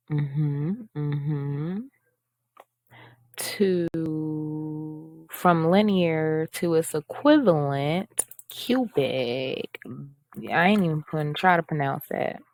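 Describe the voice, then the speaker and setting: In a casual screen-share walkthrough, a woman with a deep voice reads coding instructions aloud, chatty and making fun of herself. She speaks slowly with long pauses, and there is no room sound.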